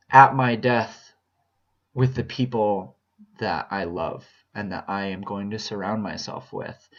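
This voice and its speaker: A man speaking a reflective personal monologue to camera, earnest and halting, repeating phrases as he searches for words. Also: fairly low pitch. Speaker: vlogger sharing a personal update. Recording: dull lo-fi recording.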